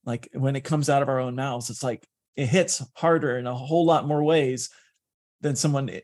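A man's voice: mid-range voice, steady tone, normal speed, darkish tone. A man hosting a podcast interview, reflecting aloud in a loose way, with fillers. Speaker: podcast host.

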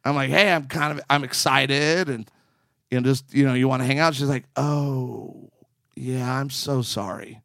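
A middle-aged man chats in a lively storytelling way, slipping into quick impressions of the people he quotes. His voice sits at an ordinary middle pitch, recorded close and dry with no room sound. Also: clear, resonant tone, no room sound. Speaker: podcast co-host and marriage counselor. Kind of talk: casual storytelling chat.

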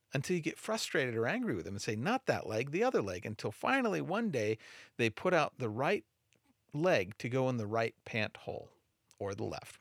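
A man's voice: medium pitch, a bit bright, dry recording, clean studio sound. A middle-aged man, a mindset coach, earnestly telling his own story and acting out quoted dialogue. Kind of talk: personal storytelling.

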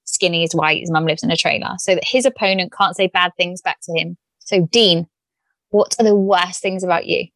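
A woman's voice: fairly low pitch, steady tone, brisk, a bit bright, no echo. A British woman hosting a podcast interview, chatty, blunt and teasing with her guest. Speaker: podcast host.

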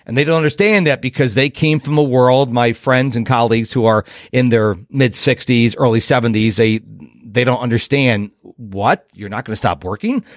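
A man's voice: mid-range voice, steady tone, moderate pace, no echo, clean studio sound. A man in his fifties hosting a motivational podcast, talking in an emphatic, punchy way and acting out other people's voices. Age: 50s. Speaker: productivity coach and podcast host.

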